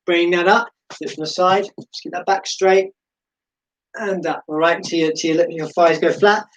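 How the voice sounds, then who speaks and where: A man's voice: high voice, dull audio. Chatty, encouraging man leading a workout. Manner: encouraging, chatty, self-deprecating asides. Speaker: fitness instructor. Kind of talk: live-streamed exercise class instruction.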